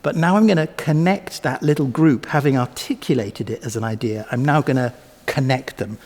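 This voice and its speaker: A man's voice: medium pitch, normal speed, a little mellow. A man teaching music to camera, musing aloud with many ums and self-corrections and sounding out rhythms with syllables, playing a cello between phrases. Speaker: cellist and teacher. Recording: long hall reverb with cello.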